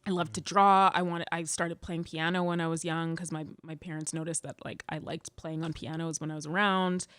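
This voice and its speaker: Young female guest, animated storyteller, low-set voice, dry booth sound. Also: fairly quick, clear, resonant tone, no room sound. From Edmonton, Canada. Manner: animated storyteller, laughs often, lots of "like". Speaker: guest musician. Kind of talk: casual interview chat.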